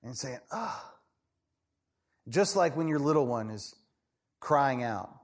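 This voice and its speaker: A man preaching a sermon in a conversational, animated way, often asking "right?" and acting out voices. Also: medium pitch, moderate pace. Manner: acts out people in quoted voices. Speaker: pastor.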